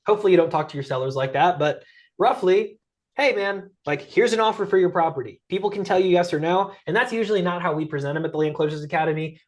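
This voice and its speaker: An energetic, middle-aged male sales coach talks through a webinar presentation in a lively, conversational way. His voice sits a bit higher than most men's, and he keeps tagging his points with quick check-ins to the audience. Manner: energetic, conversational, peppers lines with "right?" and "guys". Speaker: guest speaker and sales coach.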